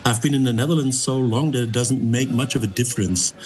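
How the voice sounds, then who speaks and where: A man speaking as an expert guest on a radio discussion. He explains his research in a halting way, pausing and restarting often. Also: medium pitch, fairly even intonation, darkish tone. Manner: halting, with many ums and restarts. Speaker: linguist guest.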